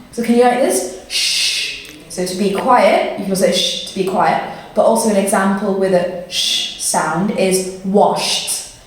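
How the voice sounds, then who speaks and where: Slow British woman teaching in an echoey room. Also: medium pitch, darkish tone. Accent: British English. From Britain. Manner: slow, patient, encouraging drills. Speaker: English teacher. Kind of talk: pronunciation lesson. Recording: very echoey room, mic far off, faint noise.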